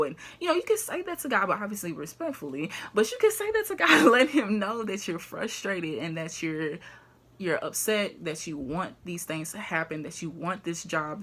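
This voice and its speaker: Young woman vlogger, casual faith talk, chatty and loose, low-ish pitch, bright edge. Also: husky. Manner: chatty, fills with "like" and "you know", laughs often.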